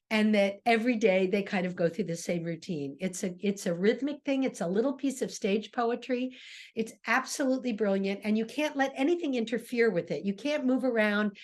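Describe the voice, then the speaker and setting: An older woman, a theater director, giving an informal classroom lecture with many fillers and restarts, acting out quoted lines with sudden pitch jumps. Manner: thoughtful, with frequent fillers and restarts.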